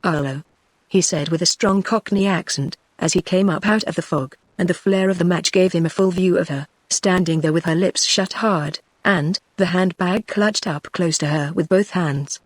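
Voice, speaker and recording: A synthetic text-to-speech woman's voice with a British accent, reading a novel as scripted narration in a steady tone. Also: lowish voice, normal speed, hardly any pauses, husky, no echo. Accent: British English. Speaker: audiobook narrator.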